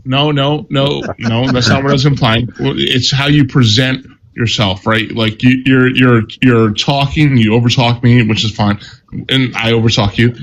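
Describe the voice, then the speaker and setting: A man arguing on a live stream panel, halting and defensive, often restarting his sentences. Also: mid-range voice, fairly even intonation, slight background noise, low-quality recording. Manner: halting, repeats "dude" and restarts under pressure. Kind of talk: heated political debate. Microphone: phone on a live stream.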